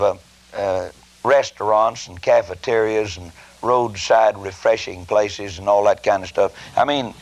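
A man's voice: mid-range voice, poor audio. A man preaching a sermon in a folksy, rambling, emphatic way, with many asides.

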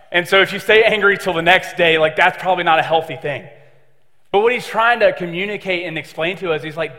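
A man's voice: high voice, bright, forceful tone. Young guy giving a laid-back sermon, lots of ums, big reverby hall. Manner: chatty, joking, lots of fillers. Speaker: preacher. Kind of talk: casual sermon.

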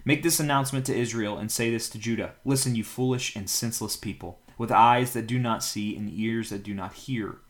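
A man hosting a Bible reading podcast, reading scripture aloud at a steady pace and now and then stumbling over a word and correcting himself. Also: mid-range voice, a little fast, hardly any pauses.

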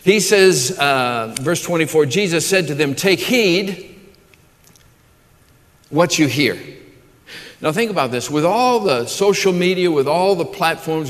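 Guy preaching a sermon, eager and warm with the crowd, voice a bit high, lots of uh and restarts, big church hall echo. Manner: enthusiastic, repeats words and restarts with frequent uh; warm asides to the congregation and online viewers. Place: church auditorium with a congregation. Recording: long hall reverb.

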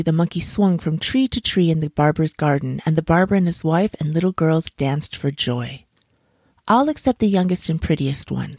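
A woman reading a children's story aloud in a gentle, expressive storytelling manner. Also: low-pitched, no echo, clean studio sound.

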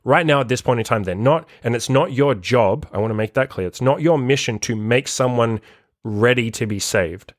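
A man speaking at a mid pitch gives blunt, profane self-improvement advice in a loose monologue. He leans on "like" and acts out little quotes as he talks. The sound is dry and close, with no room echo. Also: normal speed. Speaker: self-improvement coach and podcast host. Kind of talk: casual motivational monologue.

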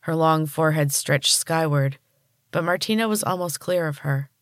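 A woman podcast host reading a story aloud in calm, even narration. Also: low-pitched, normal speed, no room sound, studio quality.

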